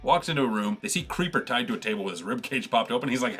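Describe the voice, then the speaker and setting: Guy recapping comics fast and bright, does little voices for everyone. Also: mid-range voice, faint music behind. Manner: animated storyteller who acts out the characters' lines. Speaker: comic book channel host.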